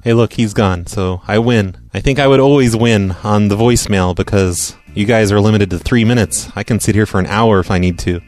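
A man's voice: fairly low pitch, a little fast, few pauses, a little mellow, soft background music. A man hosting a call-in show, playing voicemails and answering with dry joking asides. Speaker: host of a call-in prank show. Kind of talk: casual chat reading voicemails.

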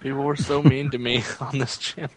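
A man's voice: medium pitch, level tone, a little fast, slight background noise. A man chatting casually and laughing sheepishly on a voice call. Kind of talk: casual chat.

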